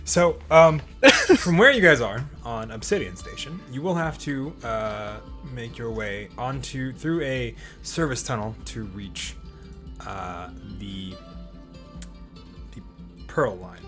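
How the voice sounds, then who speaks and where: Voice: medium pitch, very animated, takes it slowly. Hesitant game master with music behind. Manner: hesitant, many ums. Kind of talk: narrating a tabletop game.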